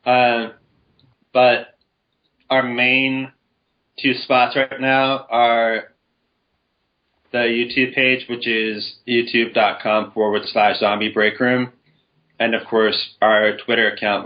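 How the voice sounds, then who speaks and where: A man's voice: medium pitch, little pitch movement, slow pace, long pauses, muffled recording. A man talking eagerly as a guest on a casual podcast, rambling about his web series. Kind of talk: casual interview chat.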